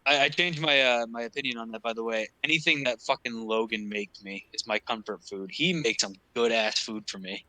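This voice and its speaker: A man co-hosting a podcast, telling animated, profane anecdotes in casual chat. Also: medium pitch, fairly quick, few pauses, no echo, low-quality recording. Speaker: podcast co-host.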